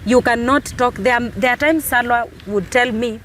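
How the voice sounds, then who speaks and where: A woman's voice: fairly high pitch, normal speed, fairly bright tone, a little hiss or hum. A woman with a Kenyan accent, a guest on a talk show, speaking expressively and mixing in Swahili phrases. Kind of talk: casual chat.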